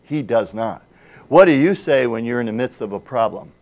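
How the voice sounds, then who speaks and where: A man delivers a sermon as pastor in a voice of middle pitch. He reads scripture aloud and presses his congregation with emphatic rhetorical questions. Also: lively intonation, moderate pace, darkish tone.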